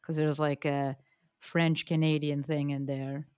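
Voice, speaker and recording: A woman hosting a podcast, bubbly and joking, with quick asides. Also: sits low, level tone, darkish tone, clean tone, dry recording, clean studio sound. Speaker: podcast host. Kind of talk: energetic podcast interview.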